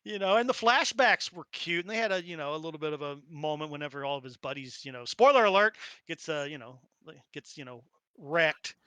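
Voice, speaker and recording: A man narrates a tabletop game and rants casually between scenes, animated and quick to swear. His voice sits high and bright. The sound is dry and close to the mic. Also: smooth, no room sound. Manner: animated, excitable, swears freely. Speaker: game master.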